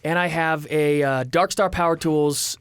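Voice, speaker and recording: A man hosting a casual radio talk show, telling stories with lively acted-out voices. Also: a little high, measured pace, clean tone, dry recording, clean studio sound. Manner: animated storyteller, acts out every voice in his tale. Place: radio studio.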